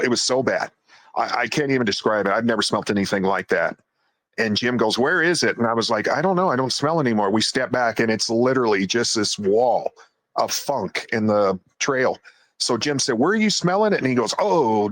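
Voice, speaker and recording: A man's voice: medium pitch, dry recording. A man casually recounting a night in the woods, jumping into quoted voices as he goes. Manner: animated retelling, acts out quoted voices. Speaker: guest storyteller. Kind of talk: casual storytelling.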